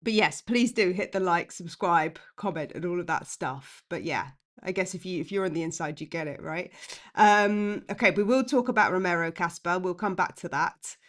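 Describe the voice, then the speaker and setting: A woman's voice: on the low side, moderate pace, fairly bright tone. Impassioned woman hosting a fan stream. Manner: chatty and impassioned, reads chat aloud. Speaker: fan channel host. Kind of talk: live-stream fan chat.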